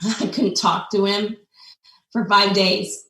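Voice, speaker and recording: Guest woman in her 40s, earnest storyteller, mid pitch, roomy echo, mic a bit far off. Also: steady tone, pushed and bright. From United States. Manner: heartfelt, with frequent pauses and fillers. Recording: echoey room, distant mic.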